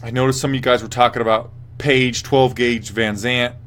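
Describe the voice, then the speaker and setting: A man's voice: mid-range voice, steady tone, normal speed, fairly bright tone. Swearing young man hosting a fight show. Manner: profane, rambling, reads viewer chat. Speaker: host. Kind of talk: casual MMA post-fight commentary.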